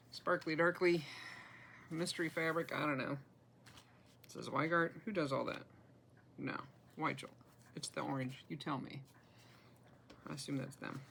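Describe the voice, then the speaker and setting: A chatty woman shows off her stitching projects in a relaxed, self-deprecating way. Her fairly low voice has a gravelly edge. Faint noise hums behind her. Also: rough recording. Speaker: cross-stitch vlogger. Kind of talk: casual show-and-tell chat.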